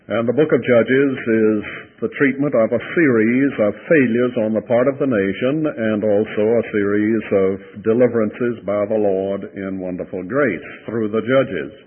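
A man preaching an expository sermon, reading Scripture aloud in a measured way and stopping to comment on words in the text. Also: on the low side, breathy edge. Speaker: Bible teacher. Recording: tinny old radio broadcast.

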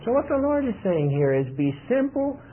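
A man's voice: high voice, very animated, brisk, a little hiss or hum. A middle-aged man pastor, preaching a sermon in a plain, conversational way to his congregation. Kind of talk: sermon teaching. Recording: tinny lo-fi radio broadcast.

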